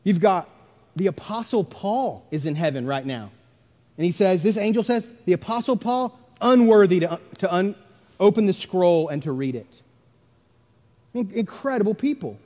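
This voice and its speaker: A man preaching a sermon as pastor, emphatic, swinging between loud stresses and hushed asides. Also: sits high, expressive, normal speed. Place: church sanctuary. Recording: long church reverb.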